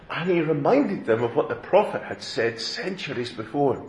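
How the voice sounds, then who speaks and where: A man's voice: a little high, moderate pace, hardly any pauses. Male minister preaching in an echoey church. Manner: animated storytelling, playful asides. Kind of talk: sermon with scripture reading. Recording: roomy echoing church.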